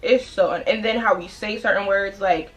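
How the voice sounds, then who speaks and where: A young woman from the Washington DC area chatting while doing her makeup, telling stories in an animated way and putting on playful voices. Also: mid-range voice, moderate pace. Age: young adult. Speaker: beauty vlogger. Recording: noisy home recording.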